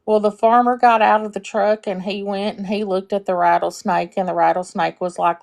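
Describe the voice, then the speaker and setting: Brief: earnest female caller, casual, relaxed storytelling. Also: medium pitch, normal speed, creaky, hardly any pauses. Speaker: caller on a live stream.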